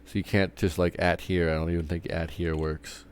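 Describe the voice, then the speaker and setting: Deep and a little fast, this man's voice is darkish and clean, delivered flatly. He's ranting casually on a live stream, full of profanity, wandering off topic and restarting frequently.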